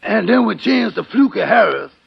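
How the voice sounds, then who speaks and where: A man with a strongly gravelly, husky voice trades easygoing jokes in 1940s radio comedy banter. He sits high for a man, and the recording is dull and lo-fi. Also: lively intonation, normal speed. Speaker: guest comedian.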